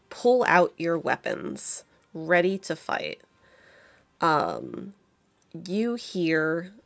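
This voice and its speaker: A woman narrating a tabletop game as game master, halting with many fillers and restarts. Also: fairly low pitch, creaky, pushed and bright, dry recording.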